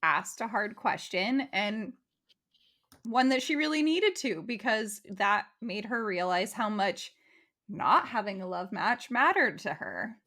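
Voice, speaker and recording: A young adult woman co-hosting a casual podcast chat, steady and earnest, often chiming in with short agreement. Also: mid-range voice, measured pace. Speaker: podcast co-host.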